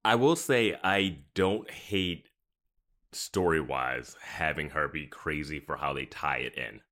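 A man co-hosting a casual podcast with a very deep, low voice. He talks loosely about a TV episode and laughs a lot. He keeps quoting the characters in a raised, mock voice. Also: takes it slowly, a bit bright. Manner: chatty, laughs often, quotes characters in a raised voice. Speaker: podcast co-host. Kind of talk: casual chat recapping a TV episode.

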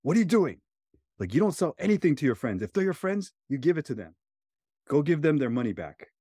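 Stern lecturing mother, raised and sharp, as a man voices her in a story. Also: on the high side, very animated, a little fast, breathy edge, no room sound, studio quality, voice pushed up. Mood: scolding. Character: angry scolding mother.

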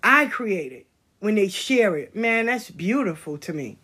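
A woman's voice: lowish voice, breathy edge. Blunt, profane woman on a livestream. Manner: blunt, profane, preachy storytelling. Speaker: spiritual content creator. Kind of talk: casual livestream monologue.

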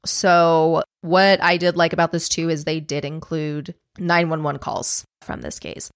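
A woman's voice: low voice, unhurried, clean tone, no echo, clean studio sound. Casual, swearing woman telling a true crime story. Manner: casual, swears a lot, acts out quotes. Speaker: podcast co-host telling a true crime case.

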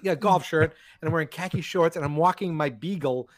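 A man's voice: on the high side, brisk, no echo. A middle-aged man, co-hosting a podcast and telling funny stories in casual chat. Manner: joking storyteller, acts out quotes. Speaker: podcast co-host.

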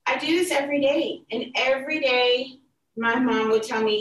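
A woman telling a personal story in casual chat, animated and acting out the people she quotes. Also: high-pitched, normal speed, slight background noise. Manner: animated, acts out quoted voices, laughs through tears. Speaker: podcast guest telling a story. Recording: echoey room, mic at a distance.

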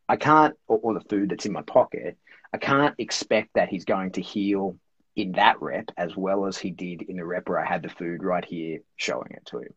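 Guy, deep and kinda husky, chatting about dog training, says like a lot, dry dead room. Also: moderate pace, dry recording. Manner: rambling, fills with "like" and "right?". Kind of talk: casual explanatory interview talk. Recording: dull, lo-fi dry sound.

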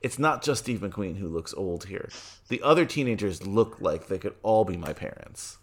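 A man co-hosting a casual film podcast, relaxed and chatty, laughing often. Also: deep voice, normal speed. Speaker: podcast co-host.

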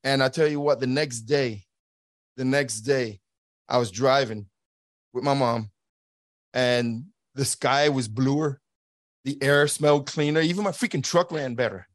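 A man's voice: mid-range voice, unhurried, pauses often, dry recording. Earnest man telling a story, dry sound. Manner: earnest, acts out quoted dialogue; repeats and restarts words. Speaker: guest, former border agent. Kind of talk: conversational storytelling.

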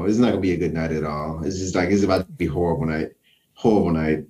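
A man casually telling a tense personal story, acting out his own quotes with lively shifts. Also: sits low, rapid-fire, recorded from a distance.

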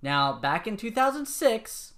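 A man's voice: sits high, big pitch swings, a little slow, a bit bright. A man co-hosting a casual sports podcast, giving his opinions in a conversational way. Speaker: podcast co-host.

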